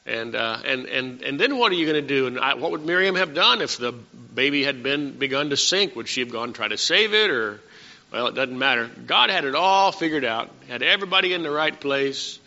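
A man's voice: mid-range voice, lively intonation, a little fast, sharp tone, big-room sound, highs cut off. A man preaching a casual, conversational sermon, asking his congregation questions as he teaches.

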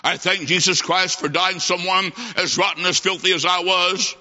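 A man preaching a sermon, telling a story dramatically with slow delivery and long pauses. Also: sits high, steady tone, bright, forceful tone. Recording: hall reverb, dull lo-fi sound.

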